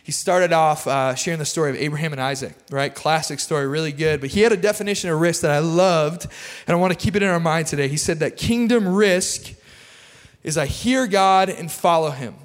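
A man preaching a casual, energetic sermon, chatty and full of self-deprecating humor. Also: a little high, brisk, big-room sound. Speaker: pastor. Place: church auditorium.

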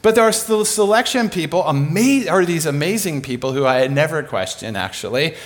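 A man's voice: on the high side, lively intonation, brisk. A man preaching a sermon, telling comic stories with lots of laughter. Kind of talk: sermon storytelling.

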